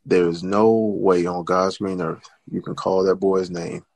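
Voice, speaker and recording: A man's voice: flat delivery, measured pace, gravelly, a little mellow, dry recording. A middle-aged man telling a long story in casual conversation, acting out the people in it. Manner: acts out quoted voices, jumping high in pitch. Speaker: storytelling guest.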